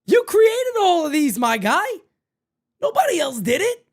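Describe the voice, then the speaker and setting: Loud, excitable man ranting live. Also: very high-pitched, a little slow. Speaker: host of a fan live stream. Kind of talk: ranting live sports talk.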